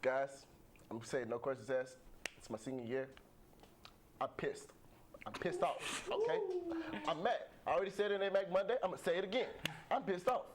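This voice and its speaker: A man's voice: a little high, normal speed, long pauses, natural voice. A man playing an angry senior college football player who rallies his team in a blustering, repetitive way. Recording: noticeable background noise.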